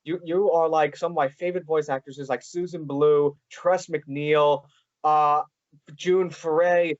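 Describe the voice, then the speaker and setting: Male podcast host, halting and eager, dull lo-fi sound. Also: fairly high pitch, fairly even intonation, dry recording. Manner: halting, many "like" fillers and restarts. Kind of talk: casual interview chat.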